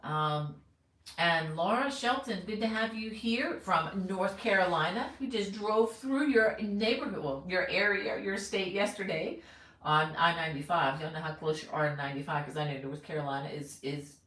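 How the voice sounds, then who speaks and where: A woman's voice: on the low side, moderate pace, fairly bright tone, reverberant, rough recording. A middle-aged woman teaching crochet, chatting casually on a live stream and greeting viewers by name.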